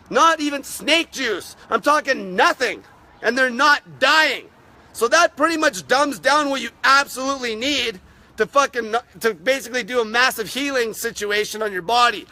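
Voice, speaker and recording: A man hosting a live stream, ranting aggressively and swearing constantly, his voice wearing raspy. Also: very high voice, sharp tone. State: voice getting raspy from talking. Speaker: fasting channel host.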